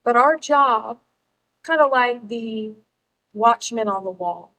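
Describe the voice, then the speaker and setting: A middle-aged woman speaking to a live crowd, emphatic and rallying, with pauses for effect. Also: on the high side, sharp tone, low-quality recording. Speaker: speaker at a political gathering. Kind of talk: public speech to a live audience.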